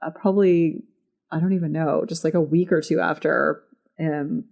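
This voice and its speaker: A woman's voice: low voice, steady tone, moderate pace, vocal fry, darkish tone. A woman hosting a podcast and chatting casually, with lots of filler words. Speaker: podcast host.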